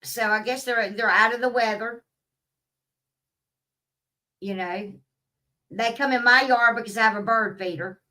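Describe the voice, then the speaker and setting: In this casual ranting monologue, a woman vlogger speaks bluntly and profanely, laughing at the stories she tells. Her slightly high voice is pushed and bright, a bit slow, with frequent pauses. It's a low-quality recording made from a distance.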